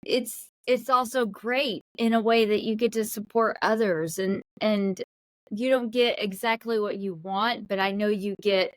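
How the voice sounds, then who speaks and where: A woman's voice: mid-range voice, fairly even intonation, unhurried, no echo. Woman, middle-aged, podcast co-host, affectionate, laughs often, dry close sound. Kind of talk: casual chat.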